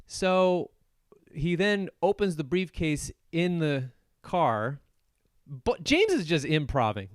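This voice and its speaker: A man hosting a podcast alone, casually recapping a film with jokes, laughs and quick put-on voices for the characters. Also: fairly high pitch, big pitch swings, dry recording, studio quality. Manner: joking, acts out movie characters in quick voices; laughs often while retelling. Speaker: podcast host. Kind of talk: solo casual movie recap.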